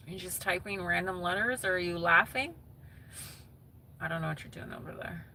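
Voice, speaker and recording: A woman's voice: fairly low pitch, a little fast, gravelly, pushed and bright, slight background noise. A woman chatting casually with viewers on a live stream, reading their comments aloud and laughing often.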